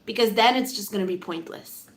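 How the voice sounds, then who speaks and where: A woman giving a casual pick-a-card tarot reading, chatty and animated, laughing often and swearing casually. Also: mid-range voice, a little fast, slight background noise. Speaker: tarot reader.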